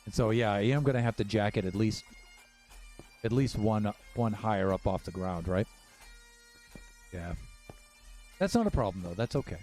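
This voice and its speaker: A man's voice: on the low side, animated, normal speed, long pauses, a little mellow, soft background music. A man casually talking through his building as he streams a game, thinking aloud with many fillers. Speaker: Minecraft streamer.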